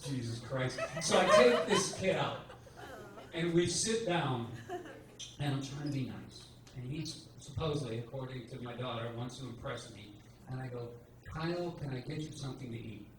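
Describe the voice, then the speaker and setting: A man's voice: medium pitch, moderate pace. A man in his sixties doing a stand-up set, ranting in a profane, exasperated way. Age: 60s. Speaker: stand-up comedian. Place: comedy club stage. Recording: echoey club from a distance, loud noise.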